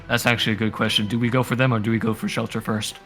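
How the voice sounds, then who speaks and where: A man's voice: medium pitch, level tone, racing, fairly bright tone, soft background music. A man playing in a tabletop game, talking in a reassuring way and repeating his phrases. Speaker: player. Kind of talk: casual tabletop play.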